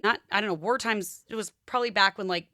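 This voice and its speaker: A middle-aged woman co-hosting a podcast, her voice bright and forceful and her words tumbling out quickly. She tells stories in a chatty way and acts out the people she quotes, recorded close and dry with no room sound. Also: mid-range voice, dry recording. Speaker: podcast co-host. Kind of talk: casual chat.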